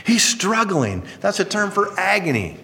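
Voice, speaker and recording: A man preaching a sermon as pastor, telling stories with lively acted-out voices. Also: high-pitched, moderate pace, creaky. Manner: animated storytelling, acting out voices. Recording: long hall reverb.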